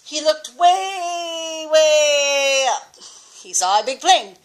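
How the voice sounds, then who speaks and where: Older woman, high-pitched and slow, reading a picture book to a grandchild with patient, expressive delivery. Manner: slow, patient, expressive, pausing to ask the child questions.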